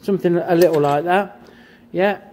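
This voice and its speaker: A man in his fifties talks through his work in a workshop, blunt and chatty, swearing freely. His voice sits fairly high. Faint clicking and workshop noise can be heard behind him. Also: moderate pace, darkish tone. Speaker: custom motorcycle builder and tattooist. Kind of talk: casual workshop commentary.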